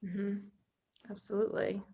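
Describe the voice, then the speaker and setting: A woman interviewer who speaks softly and hesitantly, with many fillers. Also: mid-range voice, flat delivery, normal speed, husky. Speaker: interviewer, host. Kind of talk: casual conversational interview.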